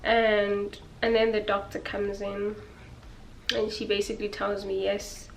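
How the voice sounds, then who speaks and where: A woman's voice: mid-range voice, level tone, a little slow, gravelly, a little hiss or hum. A young woman vlogger telling a personal story to her viewers in a candid, emotional, casual way.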